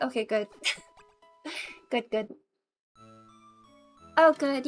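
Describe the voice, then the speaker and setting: A woman's voice: on the high side, moderate pace, fairly bright tone, faint music behind. A bubbly woman streaming a game, chatting casually with viewers and laughing often. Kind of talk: casual gaming chat.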